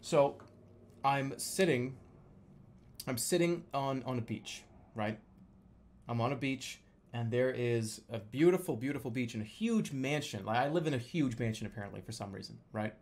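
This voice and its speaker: A young man casually telling a story, swearing freely and loudly acting out the lines he quotes. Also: mid-range voice, normal speed. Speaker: storyteller recounting a dream.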